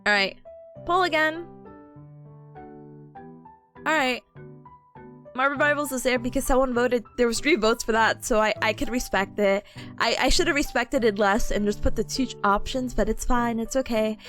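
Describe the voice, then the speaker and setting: A woman's voice: a little high, normal speed, long pauses, fairly bright tone, soft background music. A woman in her twenties streaming, chatting casually with viewers, giggling often and reading chat aloud.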